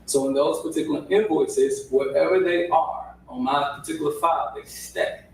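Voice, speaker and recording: A man's voice: on the high side, fairly even intonation, normal speed, a little mellow. Hedging man testifying in an echoey courtroom. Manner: hedging, repeats "right?" to check in. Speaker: records custodian witness. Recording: echoey room audio from far off, faint hiss.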